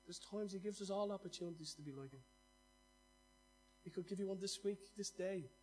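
A pastor preaches an impassioned sermon, swinging from loud exhortation to hushed asides and tripping over repeated words when he gets fired up. His voice sits high and runs a little fast. There's a bit of hiss or hum in the recording.

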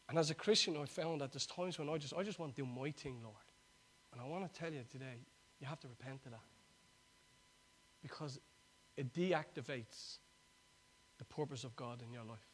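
A man, preaching a sermon that swings from loud exhortation to quiet, intimate appeal. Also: medium pitch.

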